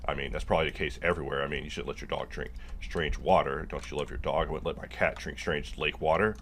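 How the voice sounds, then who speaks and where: A man's voice: deep voice, fairly bright tone. A man talking casually to the camera while he works, joking about himself and wandering off topic, with many fillers. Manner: self-deprecating, jokey, rambling with many fillers. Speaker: video maker working on a project. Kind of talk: casual rambling monologue while working.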